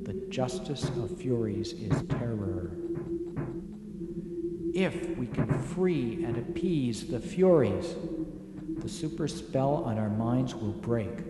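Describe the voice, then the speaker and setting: A man voicing the ghost of an old statesman, speaking softly with quiet authority. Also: medium pitch, slow pace, music in the background. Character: ghostly old male statesman, tall, grave, commanding. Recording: echoey with steady background noise.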